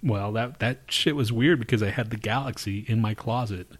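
Low-voiced man telling a rambling story. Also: moderate pace. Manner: rambling, profane, animated storytelling with shouted quotes. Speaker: podcast co-host. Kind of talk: casual chat, telling a dream story.

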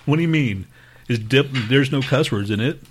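A man's voice: medium pitch, normal speed, slight background noise. A man hosting a podcast in casual chat, crude and joking, swearing often and laughing a lot. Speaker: podcast host.

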